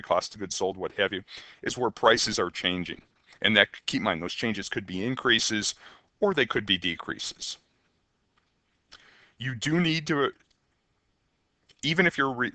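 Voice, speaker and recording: An accounting instructor gives a conversational recorded lecture, his lowish voice pushed and bright on a dry recording. He says "um" a lot and keeps tossing rhetorical questions at the students.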